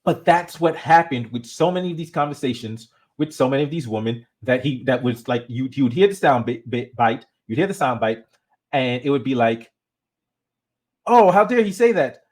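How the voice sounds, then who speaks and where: A man hosting his own channel, giving casual commentary in a conversational, animated way and often restarting his sentences. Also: medium pitch, a little fast. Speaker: channel host.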